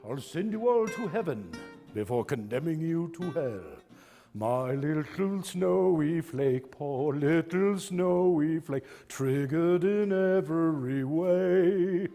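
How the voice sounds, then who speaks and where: A pompous, theatrical middle-aged actor, as a man puts him on, who declaims slowly and grandly. His tone is deep-set and gravelly. Reverb lingers behind him over faint music. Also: lively intonation, warm tone. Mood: grandiose. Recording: reverberant room with music underneath.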